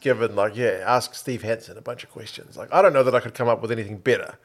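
Measured New man on a podcast. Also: mid-range voice. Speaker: podcast co-host. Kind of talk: casual rugby chat.

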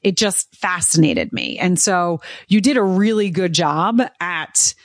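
Low-voiced woman host, dry sound. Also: big pitch swings, measured pace, no echo. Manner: warmly emphatic, heartfelt. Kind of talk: casual interview.

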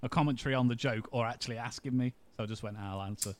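A man's voice: medium pitch, steady tone, racing, no echo. A man hosting a podcast, chatting casually and joking, often restarting his sentences. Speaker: podcast host. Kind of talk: casual chat.

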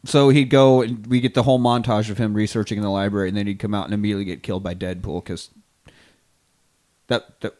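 A man's voice: fairly low pitch, flat delivery, quick pace, darkish tone. Rambling, swearing male podcast co-host. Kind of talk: casual chat.

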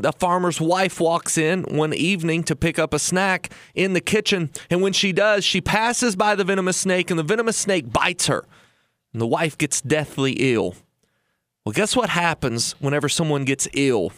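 A man hosting a retirement podcast, talking earnestly and telling a folksy story, slowing down for emphasis. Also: fairly high pitch, fairly bright tone, no room sound, studio quality. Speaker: host and financial planner.

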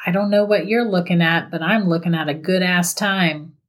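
A woman reading a horror story aloud, voicing a stubborn young man who swears gruffly and drags out his words. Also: on the low side, fairly even intonation, normal speed, close to an everyday voice. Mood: defiant. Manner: gruff, cursing.

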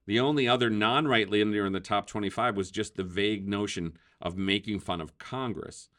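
A man's voice: on the low side, a little fast, a bit bright. A man hosting a casual political talk show, chatty, laughing often and using many fillers. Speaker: podcast host.

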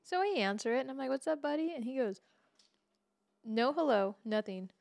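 A woman co-hosting a podcast, telling a story casually, animated and laughing as she acts out what others said. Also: fairly high pitch, normal speed, gravelly, no echo. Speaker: podcast co-host.

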